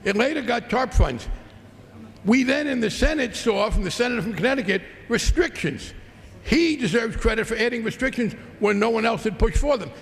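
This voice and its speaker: A congressman's floor debate speech is a sarcastic, combative rebuttal, echoing with the long reverb of a large legislative chamber. His voice is very high-pitched and animated, at normal speed with vocal fry.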